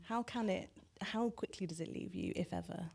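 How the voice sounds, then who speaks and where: A woman of middle pitch who hosts a live on-stage interview. She asks her questions gently and sounds warmly admiring and enthusiastic toward her guest. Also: normal speed, vocal fry, slightly rough, recorded from a distance. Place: cinema auditorium with live audience.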